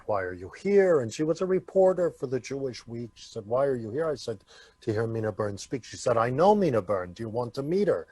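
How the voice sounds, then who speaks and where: A man from the United States, a guest on an interview podcast, telling stories at an easy pace with many small pauses. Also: medium pitch, warm tone, breathy edge, no echo. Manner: unhurried, full of "uh" pauses. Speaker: guest, Yiddish actor. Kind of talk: relaxed storytelling in an interview.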